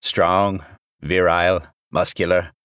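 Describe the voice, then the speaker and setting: A man's voice: low-pitched, flat delivery, takes it slowly, fairly bright tone, smooth, dry recording, clean studio sound, pitched below the performer's own voice. A man doing a rambling, distractible rear admiral. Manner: rambling, wandering off topic.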